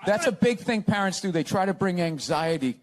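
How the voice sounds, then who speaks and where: A man's voice: sits high, expressive, fairly quick. A man talking in a casual interview, sarcastic and ranting, laughing often as he tells stories. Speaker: comedian guest.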